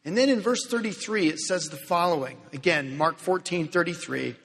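A man preaching a sermon in earnest, swinging from loud emphasis to hushed, slow phrases. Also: fairly high pitch, husky. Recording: long hall reverb.

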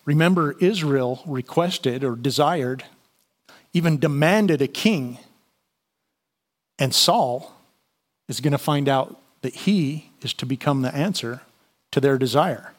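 A man's voice: medium pitch, slow, long pauses. A man preaching a conversational sermon, reading and explaining scripture with frequent fillers and restarts. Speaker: pastor.

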